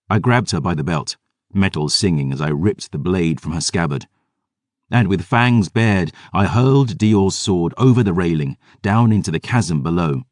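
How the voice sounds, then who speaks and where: A male audiobook narrator with a very deep voice reads fantasy in a measured, dramatic way. His pitch swings widely while his pace stays slow. The sound is dry and close. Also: animated, darkish tone, no room sound.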